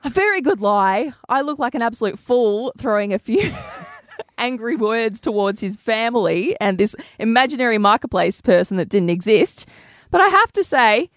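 A woman on breakfast radio, telling a story with a fairly high voice that rises and falls a lot. She acts out each quoted line as she goes. The sound is close and dry. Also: normal speed, no echo. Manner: lively storytelling, acting out quoted dialogue. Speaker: radio co-host.

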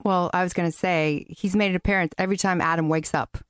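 Woman chatting on a podcast, lower voice, teasing her husband. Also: steady tone, fast talker, smooth, no echo, clean studio sound. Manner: laughs often, teasing. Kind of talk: casual chat.

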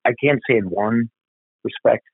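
A man's voice: medium pitch, normal speed, breathy edge, no echo, narrow, tinny audio. A middle-aged man, a police officer, bluntly and profanely retelling a family tragedy in a candid interview. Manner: blunt, profane, repeats himself while recalling. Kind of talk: candid conversational storytelling.

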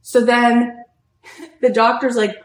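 A woman spiritual coach giving an inspirational storytelling talk, animated and full of "like" fillers. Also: on the high side, takes it slowly. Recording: roomy echo.

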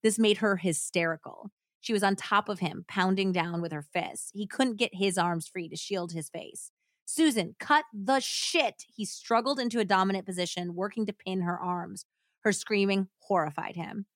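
Steady and mid-range at a moderate pace, a woman hosting a podcast reads a true crime account with acted-out quotes, pausing now and then for chatty asides and jokes. The recording is dry and studio-clean.

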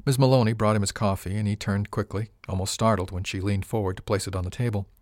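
A man narrating a story in the first person, wry and measured. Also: lowish voice, fairly even intonation, a little mellow, dry recording, clean studio sound. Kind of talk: audiobook narration.

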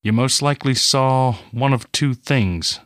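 A man voicing a stern, commanding male warrior who leads a group, giving terse orders in a lower, quieter voice than his narration. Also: a little slow, no echo, studio quality, natural voice.

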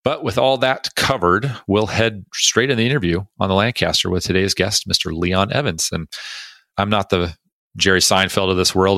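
A chatty American man hosts an interview in a bright, forceful voice on a dry, close recording. He talks casually with plenty of fillers and pokes fun at himself. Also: sits low, moderate pace, dry recording. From United States. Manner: chatty, self-deprecating, filler-heavy. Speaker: podcast host.

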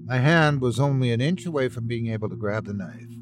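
A man's voice: medium pitch, expressive, brisk. A man narrating a first-person horror story with tense, dramatic delivery. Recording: with background music.

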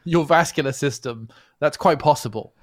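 A man's voice: a little high, normal speed, no room sound. A man from England co-hosting a comedy podcast from home, making wry, dryly humorous remarks in casual chat. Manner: wry, dry humour with mock quotes. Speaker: podcast co-host. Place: home room. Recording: dry home setup.

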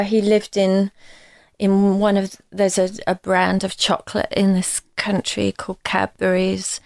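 Woman, musician guest, rambling halting delivery, medium pitch, dry close sound. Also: darkish tone, no room sound. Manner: rambling, halting storytelling with many restarts. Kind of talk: casual interview chat.

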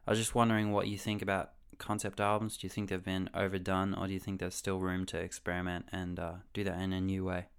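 A man's voice: deep voice, completely flat delivery, quick pace, hardly any pauses, smooth. An Australian man from a band leaving a plain, polite recorded question for a podcast host. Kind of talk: recorded voice message.

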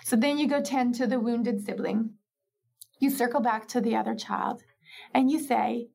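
A woman's voice: on the high side, moderate pace, creaky, warm tone. A woman speaking as a parenting expert in an interview, reflective and explanatory, who often acts out little parent dialogues and laughs easily.

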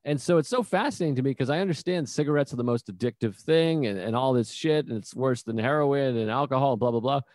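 Podcast guy, mid pitch, swears a lot, acts out what people said, dry mic. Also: fast, few pauses, a little mellow, dry recording. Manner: swearing, rambling anecdotes, acting out quotes. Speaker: podcast host. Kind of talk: casual chat.

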